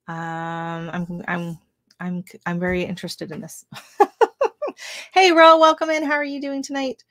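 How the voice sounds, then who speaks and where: A woman's voice: lowish voice, a bit bright, no room sound, clean studio sound. A woman who grew up in Oregon, hosting a casual gardening live stream, chatting and reacting to viewer comments with many ums and exclamations. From Oregon, US West Coast. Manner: chatty, lots of ums and restarts, exclaims often. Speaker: gardening livestream host.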